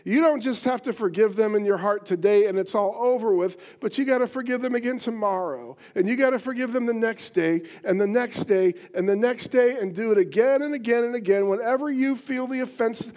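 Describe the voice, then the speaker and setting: High-voiced earnest male preacher. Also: brisk, few pauses, darkish tone. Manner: earnest and emphatic, repeats phrases for stress. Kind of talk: sermon teaching from a Bible passage.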